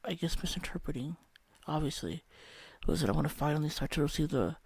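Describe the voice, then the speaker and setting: Gravelly man telling a spiritual story. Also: on the high side, lively intonation, fast talker, a little mellow, dry recording. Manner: rambling and candid, with profanity. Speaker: vlogger.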